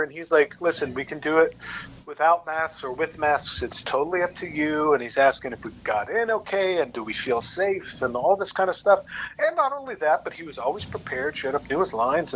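A man in casual conversation tells stories from his acting work in a fairly high, lively voice. He jumps into quoted voices and breaks into laughter along the way. Faint noise sits under the recording. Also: poor audio. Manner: animated storyteller, acts out quoted voices, laughs often. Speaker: actor guest. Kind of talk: casual anecdote-telling.

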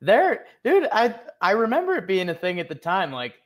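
A man's voice: high voice, huge pitch swings, normal speed. A young man co-hosting a casual sports podcast, rambling and joking with frequent laughs. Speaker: podcast co-host.

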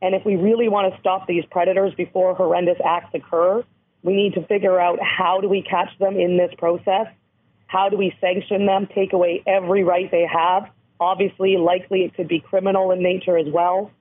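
A woman from Canada with a hoarse voice, speaking earnestly as an interview guest who educates on abuse prevention. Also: fairly low pitch, little pitch movement, fairly quick. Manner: earnest, emphatic, explanatory. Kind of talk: interview over the phone. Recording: tinny phone line.

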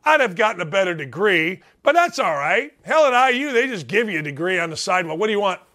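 A man's voice: high-pitched, very animated, a little fast, sharp tone. A man in his late fifties hosting a sports talk show, ranting brashly with blunt, repeated points. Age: 50s. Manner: brash, emphatic, repetitive ranting.

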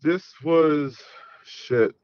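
A fairly high-pitched man in his thirties drags out his words as he rambles through a long, easygoing story on a call-in program, padding it with fillers like "you know what I mean." There's no room sound, and the highs are missing from the recording.

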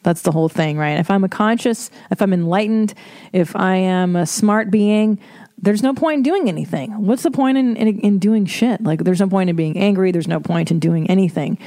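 A woman's voice: mid-range voice, moderate pace, warm tone, no room sound. A woman hosting her own podcast in a casual solo monologue, candid and rambling, swearing freely and laughing at her own asides. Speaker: podcast host.

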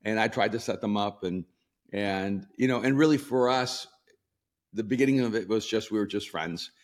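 Low-voiced older man telling stories. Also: moderate pace. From El Salvador. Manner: warm storyteller, laughs often, many ums and restarts. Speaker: pastor and author. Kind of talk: storytelling in a sit-down interview.

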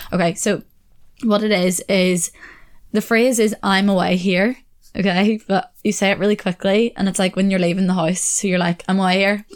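A woman's voice: mid-range voice, darkish tone. Young irish girl rambling on her podcast, chatty, laughs a lot, lots of "like". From Ireland. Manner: chatty, laughs often, filler-heavy. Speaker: podcast host. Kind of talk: casual solo podcast chat.

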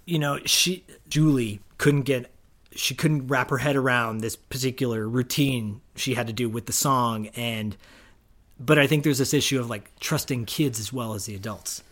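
A man's voice: medium pitch, moderate pace, fairly bright tone. Enthusiastic man co-hosting a podcast. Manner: enthusiastic, rambling, laughs easily. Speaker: podcast co-host. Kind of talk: casual chat.

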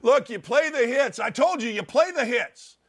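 A talk radio host with a very high, slightly rough voice speaks at normal speed. His opinionated monologue is excitable and repetitive, full of stammering restarts and repeated phrases.

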